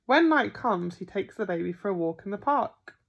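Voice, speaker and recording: A woman reading a picture book aloud to children as a primary school teacher, expressive and playful. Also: mid-range voice, moderate pace, vocal fry, lo-fi sound. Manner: expressive, with gasps and playful emphasis.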